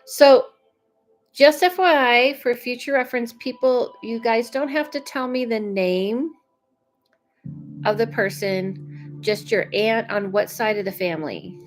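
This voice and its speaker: A woman giving live psychic readings to viewers, chatty and unhurried with frequent fillers. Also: on the high side, soft background music, poor audio. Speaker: psychic medium.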